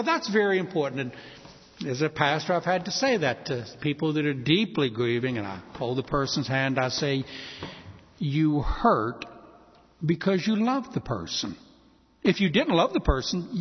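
Husky pastor preaching in a reverberant hall. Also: male voice, on the high side, highs cut off. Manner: expressive preaching, rising emphasis and slow pauses. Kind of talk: sermon.

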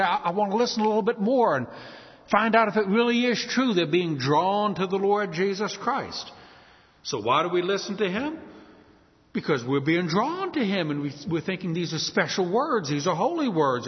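A man preaching a sermon as pastor, lively, often acting out the voices of the people he quotes. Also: high voice, big-room sound, highs cut off.

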